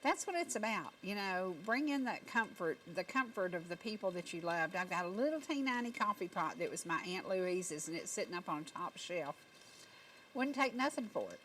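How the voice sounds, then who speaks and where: A woman's voice: mid-range voice, animated, normal speed, a bit bright, slight background noise, rough recording. A middle-aged woman with a Southern Appalachian accent, hosting a local talk show and telling folksy stories in country phrasing. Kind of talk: homespun talk show monologue. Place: TV studio set.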